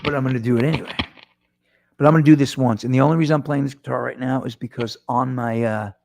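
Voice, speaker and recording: Here a middle-aged man hosts his podcast solo, talking casually and loosely to listeners while mocking himself and restarting a lot. His medium-pitched voice moves at a quick pace in a steady tone, slightly mellow with vocal fry. He speaks into a microphone placed in front of him.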